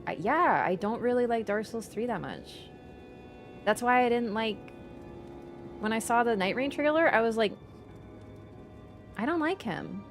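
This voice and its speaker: A woman livestreamer in casual chat, animated and teasing toward viewers and swearing casually. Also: on the high side, moderate pace, pauses often, music in the background.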